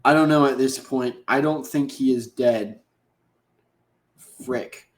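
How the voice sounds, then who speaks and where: A podcast host gives a loose, slangy recap of an episode, jumping into the characters' lines as he goes. His voice sits at a middle pitch. The room around him is echoey. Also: normal speed.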